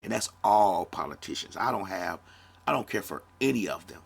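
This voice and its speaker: A man's voice: sits low, animated, moderate pace, vocal fry, breathy edge. A man in his fifties, a podcast host, talking bluntly in a casual monologue and swearing freely. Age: 50s. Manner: blunt, profane, conversational.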